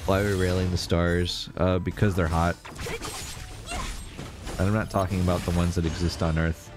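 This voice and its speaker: A young man with a very low voice chats casually with his stream, rambling and joking as he goes. Faint music runs under his talk. His tone stays loose and playful. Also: flat delivery, moderate pace. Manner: rambling, jokey, chats to viewers, laughs often. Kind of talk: casual live-stream chat.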